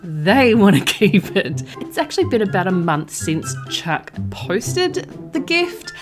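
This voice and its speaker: An Australian woman who makes art and craft videos, talking in a chatty, expressive way and laughing often. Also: mid-range voice, takes it slowly, music in the background. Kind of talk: casual vlog narration.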